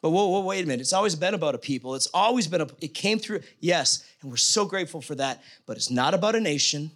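A man with a high voice preaches a sermon. He reads scripture aloud and talks to the congregation in a conversational, emphatic way. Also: expressive, quick pace, a bit bright.

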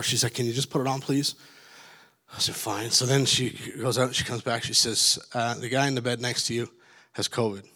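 A man's voice: mid-range voice, fairly bright tone. A middle-aged man from Canada tells a long personal story in a casual, rambling manner. His voice sits in a mid range. He often restarts his sentences and laughs at his own tale.

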